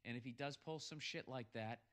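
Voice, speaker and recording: Fairly quick and mid-range, a man's voice tells a vulgar, humorous story from a bar while dishing out blunt advice. Expect loud, crude talk with plenty of swearing, all in the mode of profane comedic storytelling.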